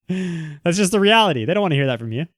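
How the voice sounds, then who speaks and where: A man's voice: a little high, dry recording. Frank, rambling man, dry sound. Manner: rambling, frank, many restarts. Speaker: livestream host. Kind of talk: casual chat reading viewer comments.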